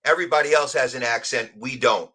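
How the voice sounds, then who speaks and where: A New York man with the accent to match chats casually as a guest on a live stream, telling stories with plenty of animation. His medium-pitched voice comes fast, with a breathy edge.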